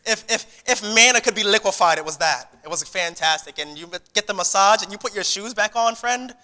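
Bright-voiced preacher man in a reverberant hall. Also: sits high, lively intonation, a little fast. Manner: conversational preaching with repeated words and restarts. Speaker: pastor. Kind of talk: sermon. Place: church sanctuary.

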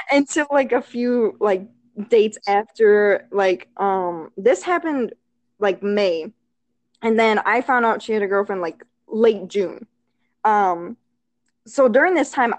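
A woman's voice: mid-range voice, no echo. A woman telling a personal story in casual chat, rambling with many fillers and laughing often as she acts out what was said.

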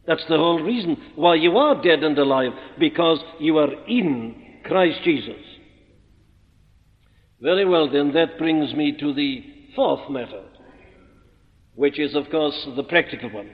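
Emphatic preacher in an echoing hall. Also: male voice, fairly high pitch. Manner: emphatic, deliberate, rhetorical questions. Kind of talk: expository sermon. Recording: muffled old recording in a reverberant hall.

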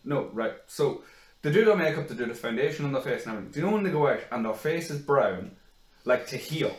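A man co-hosting a podcast in casual banter, crude and quick to laugh, with the odd acted-out rant. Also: mid-range voice, animated, roomy sound, poor audio. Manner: crude, laughing, acts out others' rants. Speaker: podcast co-host.

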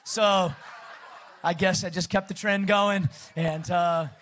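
A middle-aged man with a slight Southern accent speaks as a guest pastor, chatty and energetic. His voice sits notably high for a man, and he keeps the mood light with easy self-deprecating humor. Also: slow. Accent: Southern American, Texas. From Pacific Northwest of the US. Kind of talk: sermon introduction.

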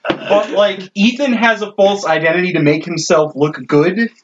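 A man's voice: sits high, normal speed. A man playing a tabletop game in character, laughing often and restarting his lines. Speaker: player. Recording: dull lo-fi recording with faint noise.

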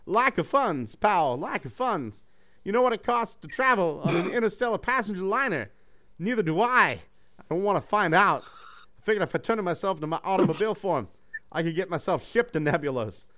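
A man's voice: sits high, animated, fairly quick, sharp tone, pitched above the performer's own voice. A man reading the lines of a cheerful young male robot hero in a breezy, friendly, slightly boastful way. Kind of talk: reading a character's lines aloud.

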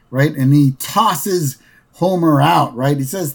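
Rambling through a recap of a cartoon episode, this podcast host leans on fillers and keeps tossing in "right?" asides. His voice is mid-range and a little mellow, and his delivery is unhurried.

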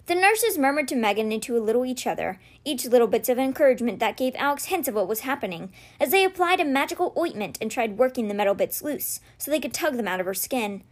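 A woman reading a children's novel aloud in a steady, gentle storytelling manner. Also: on the high side, fast, hardly any pauses. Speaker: read-aloud podcast host.

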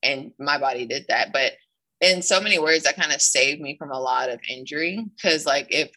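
Young woman athlete guest, bright voice, rambling chatty retelling. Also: sits low, normal speed, low-quality recording. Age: young adult. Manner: rambling, full of "like" and restarts, acts out quoted dialogue. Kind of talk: casual interview storytelling.

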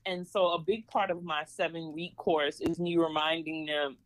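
A woman from Georgia with a Southern twang, a parenting coach talking in a casual interview, emphatic and quick to laugh. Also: sits low, dry recording, poor audio. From Georgia, USA. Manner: lively, laughs often, emphatic.

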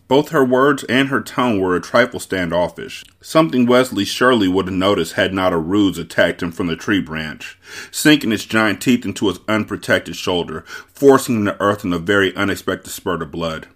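A man hosting a book club podcast, reading a novel aloud with measured storytelling. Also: sits low, fairly bright tone.

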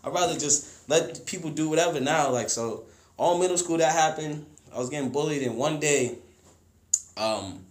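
Young man, slangy storytelling, animated quoted voices, echoey room. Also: moderate pace. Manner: animated, slangy, acts out quotes in a much higher louder voice. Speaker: podcast guest telling a story. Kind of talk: casual storytelling chat.

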